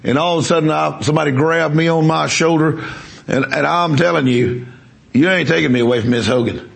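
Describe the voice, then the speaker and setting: Gravelly preacher man. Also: on the high side, brisk. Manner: emphatic, repeats words as he builds a story. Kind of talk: sermon storytelling.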